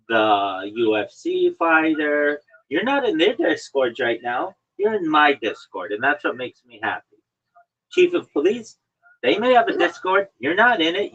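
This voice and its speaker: Teasing his guest in a mock-lecturing tone, this podcast host keeps the online-call conversation casual. His voice is fairly high and sharp, and the stream audio sounds dull and lo-fi.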